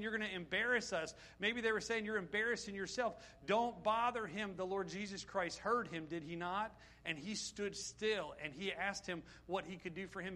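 A man's voice: sits high, bright, forceful tone. A middle-aged man preaching a sermon, emphatic and full of rhetorical questions to his congregation.

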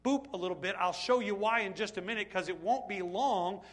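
Bright, high-voiced male preacher. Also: fairly quick. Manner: animated, rhetorical questions to the congregation. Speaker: pastor. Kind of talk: sermon.

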